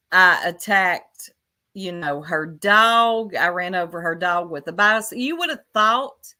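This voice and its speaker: A woman's voice: on the low side, bright, forceful tone. A woman hosting a casual livestream, rambling and chatty as she answers viewers in her chat by name, speaking into a desktop mic. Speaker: YouTube livestream host.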